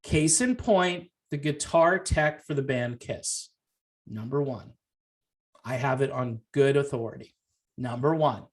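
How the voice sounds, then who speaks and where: A man ranting to camera on his music commentary channel, frustrated and yelling, sarcastic, swinging between loud outbursts and low mutters. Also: unhurried, hardly any pauses. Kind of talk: heated rant to camera.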